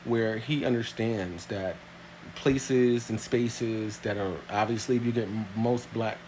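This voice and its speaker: A man telling a story to camera in a casual, emphatic way, his voice leaping from low asides to loud high outbursts. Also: steady tone, unhurried, a little hiss or hum. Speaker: vlogger.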